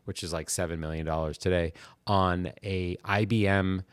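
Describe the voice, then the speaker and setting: A man's voice: sits low, fairly even intonation, moderate pace, clean tone, no room sound, clean studio sound. A man in his fifties from Boston, chatting casually and rambling with lots of restarts and self-deprecating asides. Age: 50s. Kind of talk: casual chat.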